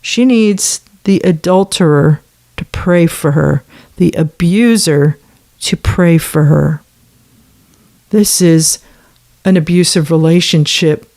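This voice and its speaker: A woman's voice: on the low side, takes it slowly, darkish tone. A woman giving reaction commentary, reading out messages and adding sarcastic, indignant asides and rhetorical questions to her listeners. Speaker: commentator on a former church.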